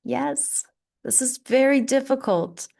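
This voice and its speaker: Slow, deliberate woman teaching pronunciation. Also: sits high, animated, creaky, a little mellow. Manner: slow, deliberate, drawn-out words for repetition; encouraging teacher tone. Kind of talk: slow, clear pronunciation lesson.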